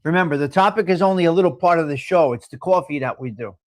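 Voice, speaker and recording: This middle-aged man's voice sits a little high, and he talks fast. Running a live coffee chat stream, he speaks frankly to his audience, cracking jokes and cursing without restraint.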